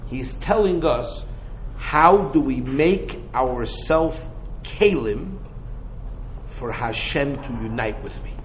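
A man teaching Torah in a lively lecture. He fires off rhetorical questions and mixes Hebrew and Yiddish terms into casual English. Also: mid-range voice, takes it slowly, slight background noise, rough recording. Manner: animated, full of rhetorical questions.

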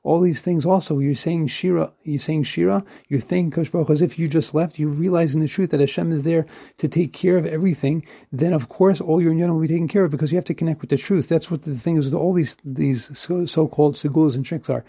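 A man's voice: fairly high pitch, steady tone, fast, vocal fry, dark tone, breathy edge. A man, a rabbi, giving an earnest Torah lesson, often restarting his sentences and weaving Hebrew quotations into English.

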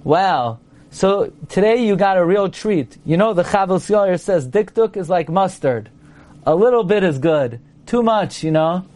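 A man with a fairly high voice teaches a class. He is playful and quizzing, and he sounds out his examples aloud as he goes. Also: lively intonation, unhurried, a little mellow. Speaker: Torah teacher. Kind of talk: lecture to a class.

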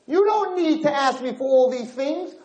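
A man's voice: a little high, expressive, normal speed, warm tone, roomy sound, voice pushed up, natural voice. A man voicing a grieving king who pleads emotionally with his lost son. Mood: pleading.

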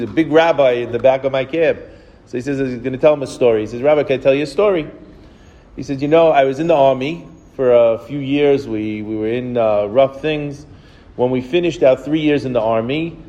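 A man's voice: medium pitch, mellow, long reverb tail, highs cut off. A man giving an informal Torah class, telling stories conversationally, often restarting his words and acting out the dialogue. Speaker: rabbi teaching a class.

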